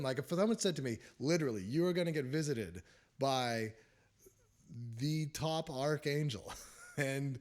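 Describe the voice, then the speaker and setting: Hosting a casual spiritual talk show, a man with a medium-pitched, somewhat dark voice rambles unhurriedly through his testimony. He chuckles often along the way.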